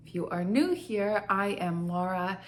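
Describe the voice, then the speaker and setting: A woman's voice: mid-range voice, animated. A young adult woman hosting her own show, telling a personal story in an earnest, reflective way. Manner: earnest, reflective, slows down on feelings. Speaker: host.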